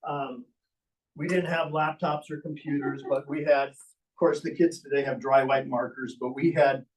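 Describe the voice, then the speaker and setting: A man's voice: medium pitch, steady tone, normal speed, distant mic, poor audio. A man, a ventriloquist and entertainer, telling funny stories live to an audience in a playful, chatty way that teases the crowd. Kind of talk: live comedic storytelling to an audience. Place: stage in a large hall.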